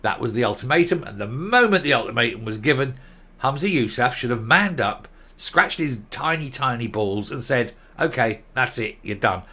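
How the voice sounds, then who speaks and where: A man's voice: mid-range voice, lively intonation, moderate pace, sharp tone, breathy edge. A man giving opinionated political commentary, reading news quotes aloud and rebutting them with blunt sarcasm.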